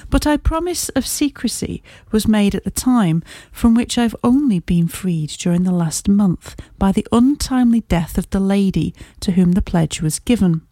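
A woman narrates a classic detective tale in a measured, even storytelling voice. Her tone is warm and mellow. The recording is close and dry, with no room sound. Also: mid-range voice, no room sound. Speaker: audiobook narrator. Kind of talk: scripted narration.

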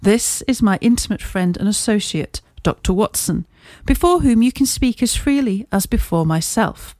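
A woman reading the part of a brisk, confident male Victorian detective in a storybook, in crisp, formal, courteous speech. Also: mid-range voice, animated, warm tone, no room sound, close to an everyday voice.

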